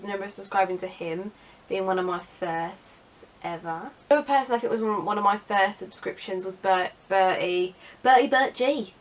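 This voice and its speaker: A young woman chats casually to camera. She is sarcastic and self-mocking, with a mid-pitched voice. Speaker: vlogger. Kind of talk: casual vlog chat.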